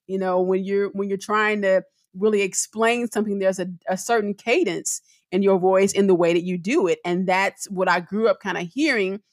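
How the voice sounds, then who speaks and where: A middle-aged woman co-hosting a podcast in casual conversation, expressive, with her voice rising when she gets excited. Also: mid-range voice, normal speed, no room sound, clean studio sound. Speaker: podcast co-host.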